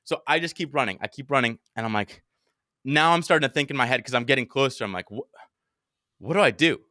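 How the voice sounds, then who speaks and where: A young man races through a story in a bright, forceful voice, cursing freely. He acts out his own shouts and panicked thoughts as he goes. The sound is close and dry. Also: mid-range voice, expressive, fast talker, no echo. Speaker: podcast host. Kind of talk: casual storytelling chat.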